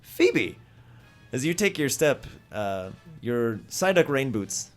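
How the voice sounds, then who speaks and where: A man narrating a tabletop game as its game master, easygoing and rambling with lots of fillers. He jumps into loud voices for the people in the scene. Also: medium pitch, slow, faint music behind. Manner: relaxed, filler-heavy narration with sudden shouted character voices.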